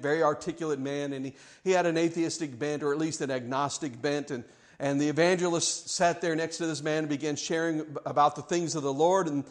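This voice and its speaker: A middle-aged male pastor preaching a sermon in a church, animated and playful, swinging from hushed lines to loud emphatic ones. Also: mid-range voice.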